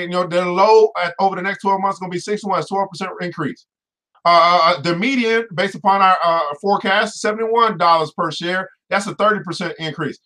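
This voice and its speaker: A man hosting a finance show in an energetic, preachy way, full of exclamatory asides. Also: high-pitched. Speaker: host. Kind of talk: casual finance show talk.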